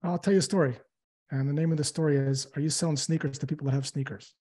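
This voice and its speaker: A man's voice: on the high side, steady tone, quick pace, mellow, husky. A man who works as a sales coach, a guest telling a story and acting out the dialogue in his answer.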